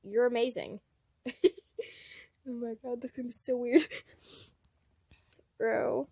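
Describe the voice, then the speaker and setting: A woman's voice: fairly high pitch, flat delivery, slow, pauses often, mellow, dry recording. A woman reading fanfiction aloud at home, with gushing, giggly fan asides. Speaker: fanfiction reader.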